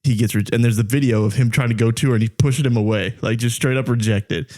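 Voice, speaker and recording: A man chatting as a podcast co-host, telling stories loosely and leaning on filler words. He keeps breaking into laughter while he talks, in an easygoing, mid-pitched voice. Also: fairly even intonation, fast talker, warm tone. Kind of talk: casual chat.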